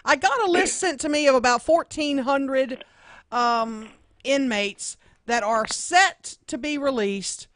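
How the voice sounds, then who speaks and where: A woman's voice: high voice, takes it slowly, a bit bright, dry recording. A woman hosts a morning radio show from a dry, close-miked studio. She asks direct, pressing questions. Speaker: radio talk show host. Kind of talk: radio interview.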